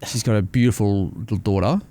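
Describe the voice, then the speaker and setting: A man's voice: fairly low pitch, fast, dark tone, no room sound. A man, co-hosting a casual chat, mostly prompting with short questions and agreeing. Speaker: podcast co-host.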